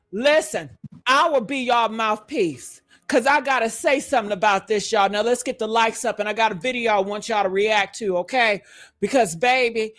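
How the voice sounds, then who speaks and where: A woman doing livestream commentary in a high, bright voice. She talks slowly and deliberately, breaking into loud whoops and shouted exclamations. She keeps calling her audience honey and baby. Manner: calls listeners honey and baby. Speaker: streamer and commentator.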